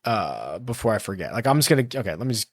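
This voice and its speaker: A man's voice: lowish voice, big pitch swings, quick pace, no room sound, studio quality. A man hosting a fantasy golf podcast alone, thinking aloud in a rambling way and often correcting himself mid-sentence. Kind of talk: casual solo analysis.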